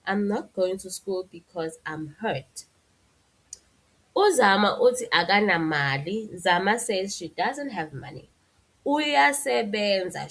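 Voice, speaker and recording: Slow, patient woman teacher. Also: mid-range voice, fairly bright tone. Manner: explains patiently, switching between Zulu and English with translations. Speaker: language teacher. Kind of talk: relaxed language lesson.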